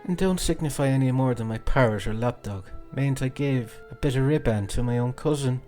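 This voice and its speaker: A man doing a shrill, melodramatic young woman. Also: fairly quick, warm tone, soft background music, lightly acted. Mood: indignant. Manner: high falsetto, melodramatic sighing.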